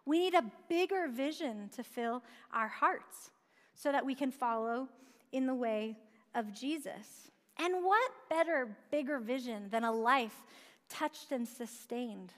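A woman's voice: on the high side, lively intonation, slow pace. A woman preaching a sermon in a conversational way, asking rhetorical questions and dropping light asides. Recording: long hall reverb.

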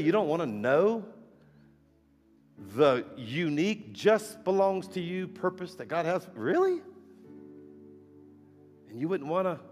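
A man preaches from a church pulpit, telling stories animatedly and firing off rhetorical questions. His voice echoes through a big sanctuary, with soft music beneath it. He sits at an ordinary pitch for a man. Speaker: guest preacher. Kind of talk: storytelling sermon. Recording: echoey hall with faint music.

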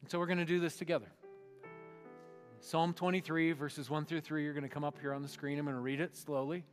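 A man preaching a sermon as pastor, reading slowly and meditatively and sinking to a hushed voice, in a church sanctuary. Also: on the high side, fairly even intonation. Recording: long hall reverb with faint music.

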